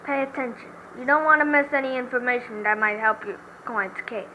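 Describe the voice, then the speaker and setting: A woman voicing a calm female mentor lawyer, giving soft, measured advice while reading game dialogue aloud. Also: on the high side, slight background noise, rough recording.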